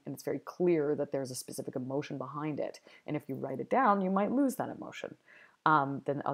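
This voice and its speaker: Woman, low pitch, university lecturer, hesitant, recorded video lecture. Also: gravelly. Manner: hesitant, many ums and restarts.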